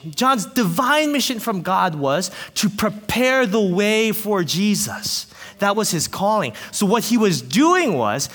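A man preaching a lively sermon to a congregation with kids, animated and jokey with playful asides. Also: sits high, big-room sound. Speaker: pastor.

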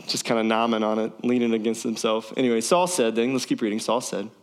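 A man's voice: fairly low pitch, fast talker. Casual conversational male preacher. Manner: conversational, asks the audience questions. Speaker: pastor. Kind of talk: sermon. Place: church service, also streamed online.

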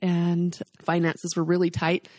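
A woman's voice: on the low side, completely flat delivery, unhurried, a little mellow, dry recording, studio quality. A woman in her forties telling an emotional, faith-filled story as an interview guest. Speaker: guest, charity founder.

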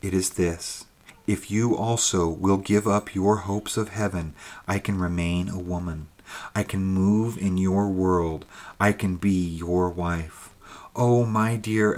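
A man reading the lines of a young woman's ghost, once burned as a witch, in a soft, intimate, pleading way. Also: low voice, fairly even intonation, takes it slowly. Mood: tender.

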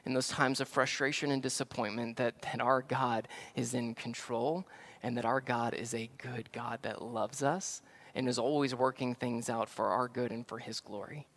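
A man preaching a conversational sermon as pastor, swinging from hushed reflection to loud, excited acted-out scenes. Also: medium pitch.

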